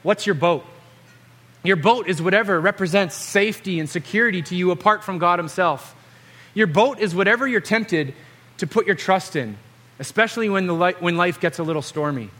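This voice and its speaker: A man's voice: high voice, fairly bright tone. A man preaching an earnest sermon, exhorting and telling stories to the congregation. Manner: earnest, exhorting, storytelling delivery.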